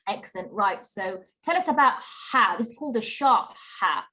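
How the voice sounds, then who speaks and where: A woman's voice: medium pitch, lively intonation, moderate pace, bright, forceful tone. A woman teaching an online Qur'an reading class, patient and repetitive, often checking in with "okay?". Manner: patient, repeats key points with frequent "okay?". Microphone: video call.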